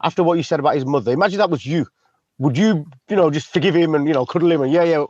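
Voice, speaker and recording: Fast-talking man calming a row. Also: a little high, dry recording, highs cut off. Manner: calming, pleading mediator. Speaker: panelist.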